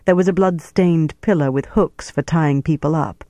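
A man narrating a novel as an audiobook in a measured, steady storytelling voice. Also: a little high, no room sound, clean studio sound. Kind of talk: scripted narration.

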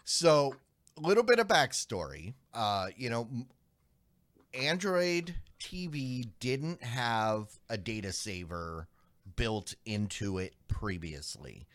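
A man co-hosting a tech podcast in casual chat, explaining the background of a news item with frequent pauses and restarts. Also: mid-range voice, sing-song, fairly bright tone. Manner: explanatory, hesitant, many ums and restarts. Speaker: podcast co-host.

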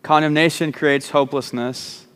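A man's voice: fairly high pitch, steady tone, moderate pace, fairly bright tone, clear, resonant tone, long reverb tail. A man preaching a sermon, repeating words as he starts sentences and slipping in joking asides. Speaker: pastor. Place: church sanctuary.

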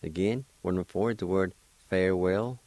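Low-voiced male radio language teacher from Oklahoma, slow and patient, encouraging, dry close sound. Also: dry recording, poor audio. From Oklahoma, United States. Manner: patient, encouraging, gently joking. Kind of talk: slow spelling and pronunciation lesson.

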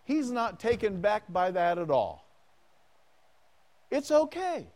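A man's voice: high-pitched, very animated, slow, darkish tone. A man preaching a sermon as pastor, asking the congregation questions and acting out prayers in the first person.

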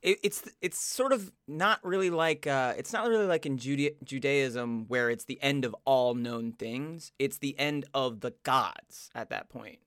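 A man's voice: mid-range voice, measured pace, hardly any pauses, a bit bright, clear, resonant tone, no echo, clean studio sound. A man co-hosting a podcast, chatting casually and profanely with joking asides. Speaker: podcast co-host.

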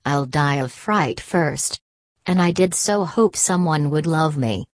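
Storybook: woman doing a lonely, timid ugly duckling, low and slow. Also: no echo, studio quality. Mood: sad.

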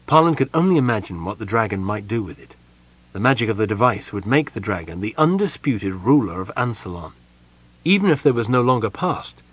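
Male fantasy audiobook narrator, husky tone, animated pitch, storytelling read. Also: poor audio. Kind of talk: scripted narration.

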